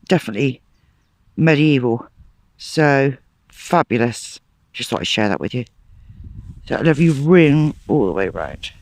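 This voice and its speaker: A man's voice: on the high side, no room sound. Chatty man detecting in a field. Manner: chatty, enthusiastic, talks to himself while digging. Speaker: metal detecting channel host. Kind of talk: casual outdoor vlog chat. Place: sloping farm field outdoors.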